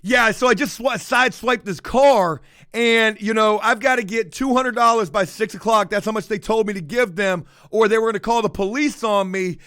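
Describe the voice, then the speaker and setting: A man putting on the voice of a broke man rushing through a plea for cash. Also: sits high, sharp tone, dry recording, studio quality. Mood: pleading.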